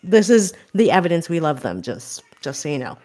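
A woman's voice: low-pitched, very animated, fairly quick, dark tone. A woman in her thirties co-hosting a podcast, candid and teasing, laughing often. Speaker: podcast co-host. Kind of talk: casual chat.

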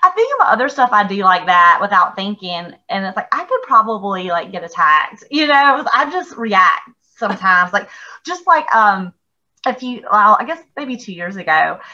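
A middle-aged woman telling stories in a casual podcast chat, animated, laughing and swearing freely. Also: mid-range voice, lo-fi sound. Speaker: podcast co-host.

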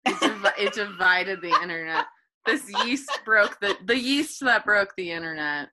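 A woman co-hosting a podcast in casual chat, reacting in a squeamish and expressive way with long, drawn-out reactions. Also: mid-range voice. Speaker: podcast co-host.

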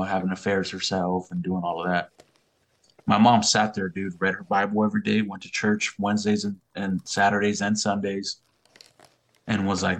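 Man, young adult, lowish voice, casual, swears a lot, animated quoting. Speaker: podcast guest. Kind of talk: casual storytelling.

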